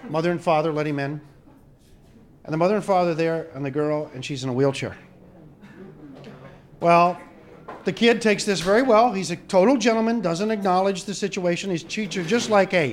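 A man doing stand-up comedy, telling jokes with animated punchline delivery. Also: sits high. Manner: animated, punchline-driven storytelling.

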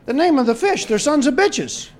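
A man's voice: very high-pitched, lively intonation, moderate pace, pitched above the performer's own voice. A man voicing a little boy who earnestly explains the name of his fish.

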